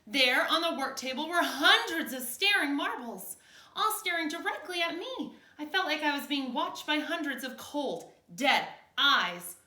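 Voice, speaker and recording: A woman's voice: high voice, animated, unhurried, pushed and bright. A woman teacher reading a picture book aloud to children in a playful way, checking in with her listeners. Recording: roomy echo.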